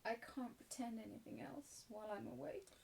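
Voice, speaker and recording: A woman reading a storybook aloud, voicing a quiet, sad young girl in a low, soft voice. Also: fairly even intonation, normal speed, close to an everyday voice, low-quality recording.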